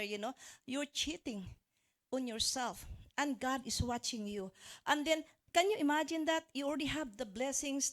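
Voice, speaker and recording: High-voiced woman coaching a live seminar. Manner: chatty, coaching, jokes with the audience; searches for words, restarts phrases. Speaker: motivational speaker.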